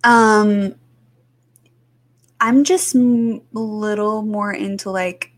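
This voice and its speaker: Woman, podcast co-host, unhurried delivery, chatty, hesitant, lots of fillers. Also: medium pitch, steady tone. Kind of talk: casual chat.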